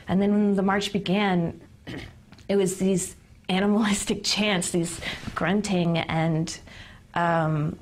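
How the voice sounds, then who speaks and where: A woman in an interview clip, recounting an event in an earnest, measured way. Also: lowish voice.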